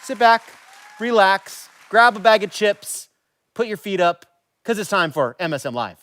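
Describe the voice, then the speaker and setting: High-voiced, encouraging young male co-host. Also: expressive, measured pace, a bit bright. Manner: chatty and encouraging. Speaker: co-host of a youth web show. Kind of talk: friendly live show hosting.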